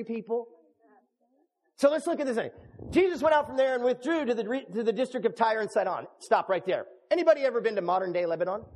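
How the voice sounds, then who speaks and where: A middle-aged man preaching a sermon as a pastor, animated and joking, acting out scenes. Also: high-pitched. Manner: animated, jokey preaching with acted-out dialogue. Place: church hall. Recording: long reverb of a large hall.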